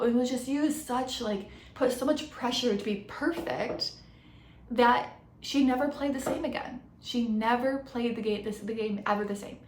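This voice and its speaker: A woman's voice: a little high, a little hiss or hum. Earnest woman coach in an echoey room. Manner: earnest, reflective, frequent restarts and self-corrections. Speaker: podcast host and coach. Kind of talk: personal storytelling monologue.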